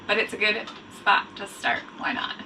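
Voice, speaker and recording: Cooking inside the cabin of a small sailboat, a woman sailing vlogger chats casually and makes fun of herself. Her medium-pitched voice is level and moderately paced, picked up from far off the mic amid noisy boat sounds.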